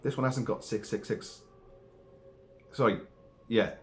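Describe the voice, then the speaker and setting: A man casually recapping a horror film plot, rambling and animated, with frequent restarts and swearing. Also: on the low side, unhurried. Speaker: film reviewer.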